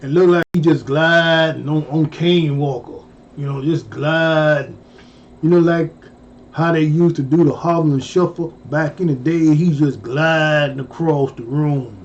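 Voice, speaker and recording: Brief: slow-talking man with a high voice, profane storyteller who bursts into loud yelps, dull lo-fi recording. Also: a little hiss or hum. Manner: exclaims loudly, jumping high in pitch and swearing. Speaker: storyteller vlogger. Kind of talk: casual profane storytelling monologue.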